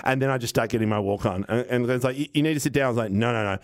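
A man, telling a casual, animated anecdote on a podcast, acting out what people said and swearing now and then. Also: medium pitch, racing. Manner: animated, rambling anecdote with acted-out quotes and swearing. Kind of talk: casual storytelling chat.

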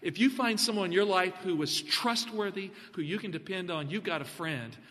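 A man preaching a sermon, animated, putting questions to the congregation. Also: high voice, moderate pace, big-room sound.

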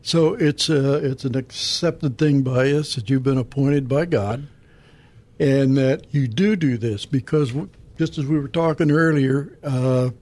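A man co-hosting a Christian radio show, reading scripture verses and talking through them in a halting, casual way. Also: medium pitch, a little mellow. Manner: halting, reads scripture aloud and dedicates it. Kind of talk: Bible study radio talk.

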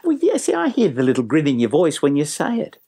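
A man's voice: fairly high pitch, wildly swooping pitch, fast talker, dark tone, husky. An enthusiastic man, a business trainer telling jokey stories as an interview guest. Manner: enthusiastic, jokey, puts on voices.

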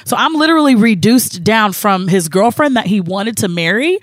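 A woman's voice: medium pitch, expressive, moderate pace, no echo, studio quality. A woman guest on a podcast, candidly telling a personal story with emphasis and quoting what others said. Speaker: guest sharing her story.

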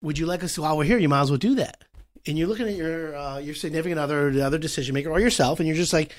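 A man hosting a talk show about home renovation, explaining with animated acted-out dialogue. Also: fairly high pitch, rapid-fire. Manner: animated, acts out customer and contractor voices. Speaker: podcast host.

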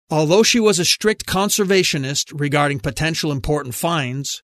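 A male audiobook narrator with a fairly high voice, reading in a measured, even way. The sound is close and dry, with no room in it. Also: dry recording. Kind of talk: scripted narration.

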